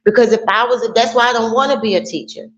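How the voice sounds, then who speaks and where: A woman's voice: a little high, fast. A woman calling in to a casual debate, explaining her view at length with examples. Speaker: caller. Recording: echoey, dull lo-fi line with faint noise.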